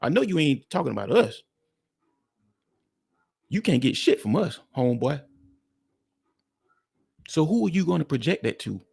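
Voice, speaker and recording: A man's voice: a little high, very animated, moderate pace, gravelly, long pauses, darkish tone, husky. A man hosting a reaction commentary, talking bluntly and mockingly to his viewers. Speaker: commentary host.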